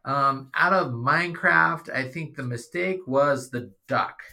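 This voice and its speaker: A middle-aged man talking casually, often pausing and restarting his sentences. His tone is bright and forward, and he slips in dry, sarcastic asides. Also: medium pitch, gravelly. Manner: rambling, hesitant, dry sarcasm. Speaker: podcast guest, father. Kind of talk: casual chat.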